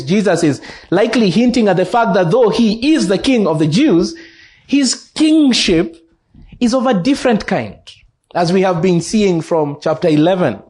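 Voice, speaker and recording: A man with a Kenyan English accent preaching an expository sermon in church, slow and deliberate, repeating key phrases for emphasis. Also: high-pitched, darkish tone. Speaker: pastor.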